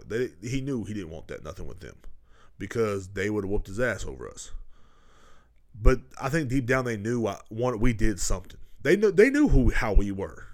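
A podcast host from Texas rambles through profane, casual stories, chuckling as he goes. His voice is mid-range and slightly mellow.

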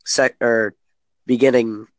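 In a dry recording, a Kentucky man with an American accent rambles through casual conversation, frequently starting his sentences over. He speaks slowly in a steady, medium-pitched voice.

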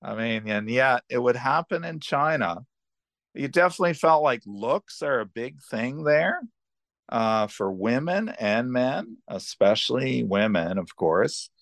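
A man's voice: medium pitch, animated, unhurried, a bit bright, no room sound, clean studio sound. An older man, casually telling rambling personal travel stories as a podcast host, full of restarts and asides. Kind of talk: casual storytelling.

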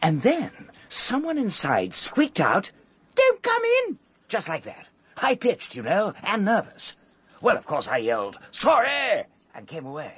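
An actor playing a nervous, excitable young upper-class man in a vintage radio drama, dithering and gushing. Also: sits high, a little slow, husky, exaggerated voice. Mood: flustered. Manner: dithering, fussy, breathless gushing. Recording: dull old radio recording.

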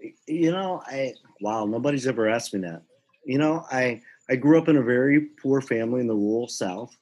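A middle-aged man from the American South, now without a Southern accent, telling stories from his career in a relaxed conversation. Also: medium pitch, brisk, poor audio. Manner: storytelling, animated when quoting others. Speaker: sports executive. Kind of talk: conversational podcast interview.

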